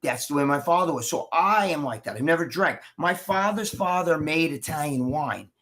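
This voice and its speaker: A man chatting casually on a livestream, telling animated, profanity-laced stories as co-host over a video call. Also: a little high, moderate pace. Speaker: show co-host.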